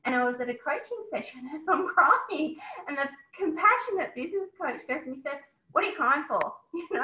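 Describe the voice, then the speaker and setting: A woman being interviewed, talking in an animated, emotional way and often breaking into exclamations. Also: high-pitched, a little fast. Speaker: interview guest, business owner. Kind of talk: casual interview chat. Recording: echoey, slightly dull recording.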